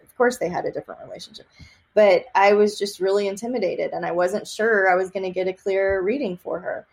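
A woman from Texas, a psychic medium, chatting in an interview and telling lively stories with many fillers and laughs. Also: mid-range voice, fast talker. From Austin, Texas. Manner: animated storyteller, laughs often, many fillers. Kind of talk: casual interview chat.

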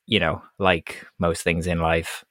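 A man with a very deep voice co-hosts a podcast. He talks in a halting, thoughtful way, stumbling and restarting as he goes. The sound is dry and close. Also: level tone, a bit bright, no echo. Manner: halting, thoughtful, with stammers and fillers. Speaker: podcast co-host. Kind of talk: casual podcast chat.

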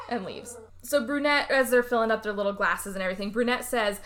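Female podcast co-host, casual recap chat, animated delivery, a bright voice sitting a little high. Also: fast, few pauses. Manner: animated, laughs often, acts out the characters' lines.

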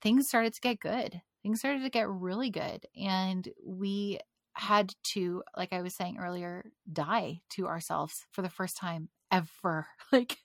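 A woman of middling pitch tells her personal story as a guest in conversation, candid and animated, with frequent laughter. The recording is dry and close, with no room sound. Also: slow pace, no room sound. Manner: animated and candid, laughs often between phrases. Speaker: podcast guest.

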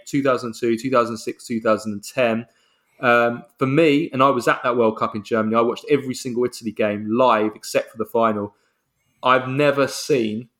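A male podcast co-host talking football with real enthusiasm, rattling through facts. His voice sits in an ordinary middle pitch, and he often breaks off and restarts mid-sentence as he talks. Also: a bit bright. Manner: enthusiastic, rapid listing with frequent restarts.

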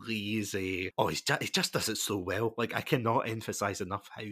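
A man's voice: fairly low pitch, fairly quick, pushed and bright, slightly rough. A man, talking about a film in a casual podcast chat, laughing often and acting out lines he quotes. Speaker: podcast co-host.

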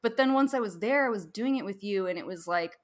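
A woman's voice: mid-range voice, expressive, quick pace. A woman host chatting in a casual podcast conversation, telling a personal story with frequent laughs and fillers. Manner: chatty, laughs often, many "like"s.

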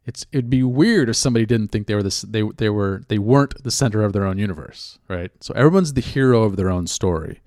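A man hosting a podcast, talking through his thoughts in a reflective, measured way and often rephrasing himself. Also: lowish voice, darkish tone, no room sound, studio quality. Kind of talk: casual spoken commentary.

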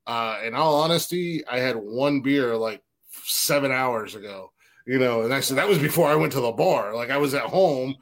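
A middle-aged man from the Newark area tells a winding story on a casual podcast. He swears often, circles back with restarts, and speaks at an ordinary middle pitch. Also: a bit bright. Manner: rambling, swears freely, many restarts. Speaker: podcast co-host.

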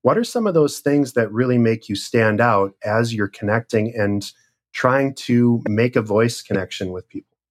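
A man's voice: mid-range voice, normal speed. A man hosting a podcast, chatting casually and steering the talk with questions. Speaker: podcast host.

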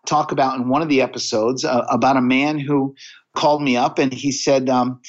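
An earnest man speaks as a podcast guest, working through anecdotes in a conversational style and often circling back to restart his phrases. His voice sits at a middling pitch. The audio is dull and slightly lo-fi. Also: little pitch movement, moderate pace. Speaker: podcast guest, sales coach. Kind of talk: conversational interview storytelling.

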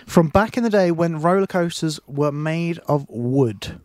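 Male radio host, slightly high voice, playful teasing patter, dry booth. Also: expressive, unhurried, darkish tone, no room sound. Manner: teasing, jokey banter. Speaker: radio presenter. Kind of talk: casual radio chat. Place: radio studio.

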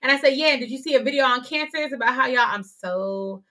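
A young adult woman co-hosting a casual podcast chat, blunt and animated as she tells stories. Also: sits high, fairly quick. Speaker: podcast co-host.

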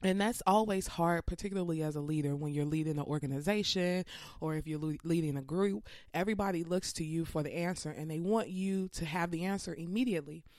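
A woman's voice: fairly low pitch, a little fast, darkish tone, dry recording. A woman in her thirties hosts her own podcast while fighting a cold, her voice stuffy and congested. She talks in an earnest, reflective way, with plenty of ums along the way. The recording is dry and close, with no room sound. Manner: earnest, with frequent um fillers. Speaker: podcast host. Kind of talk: personal reflective podcast talk.

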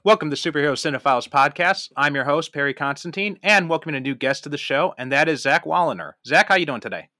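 A man hosts a podcast and greets a new guest in an upbeat way. His voice is bright and sits fairly high. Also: lively intonation, fast talker, hardly any pauses. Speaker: podcast host. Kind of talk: podcast hosting.

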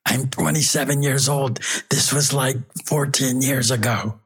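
A man playing a young patient with a damaged, raspy, strained voice in a comedy sketch. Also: medium pitch, steady tone, measured pace. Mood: pleading. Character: young man with a ruined croaky voice.

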